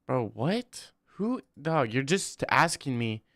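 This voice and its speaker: Young male streamer, casual and profane, mid pitch, dry voice. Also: sing-song, slow, a bit bright, no room sound. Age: 20s. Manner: rambling, blunt, swears freely. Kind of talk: casual live-stream chat reading.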